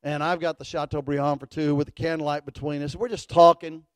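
A middle-aged man, a pastor telling a folksy story in a sermon, animated and building to fervent declarations. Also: on the high side, brisk, no room sound.

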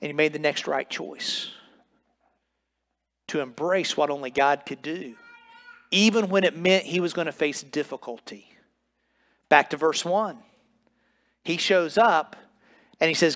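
A man's voice: a little high, measured pace, pauses often, fairly bright tone. A man preaching a sermon as pastor in a church sanctuary, emphatic and building with repeated phrases, sometimes stumbling over his words.

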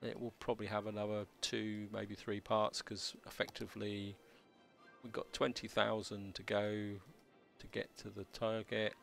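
A man hosting a city-building let's play, talking casually as he plays, with a slightly croaky voice and a halting, stammering way of speaking. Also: fairly low pitch, monotone, a bit bright, faint music behind. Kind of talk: casual gameplay commentary.

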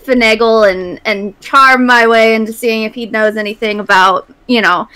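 A woman's voice: a little high, steady tone, moderate pace, bright, forceful tone, smooth, poor audio. A woman playing a tabletop game, speaking hesitantly with many fillers and restarts. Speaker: player. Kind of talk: tabletop role-play.

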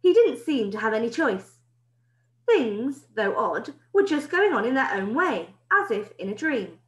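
A woman teacher reading a children's book aloud in an expressive storytelling way. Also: fairly high pitch, measured pace. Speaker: primary school teacher. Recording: roomy echo.

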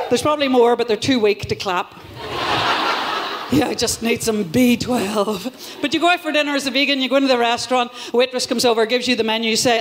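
A woman's voice: fairly high pitch, fairly quick, background noise. A woman from Northern Ireland with a Northern Irish accent, performing a live stand-up comedy set in a wry, self-deprecating, punchy way, swearing freely. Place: live show in a theatre venue.

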